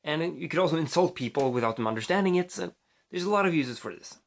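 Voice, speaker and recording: A man's voice: fairly high pitch, animated, quick pace, vocal fry, slight background noise. A man with a Swedish accent, a native Swedish speaker, vlogging casually into his phone, rambling with many fillers and restarts.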